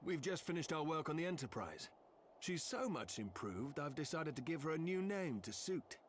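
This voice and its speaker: A man's voice: a little high, big pitch swings, normal speed, slight background noise. An actor playing a proud, eager male airship engineer in a game cutscene. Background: game music.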